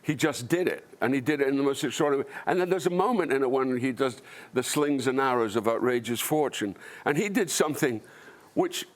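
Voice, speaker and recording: A man's voice: medium pitch, lively intonation, brisk. An older man from Scotland with a Dundee accent, a panel guest talking in a blunt, wry, anecdotal way. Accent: Scottish, Dundee. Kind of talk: panel discussion.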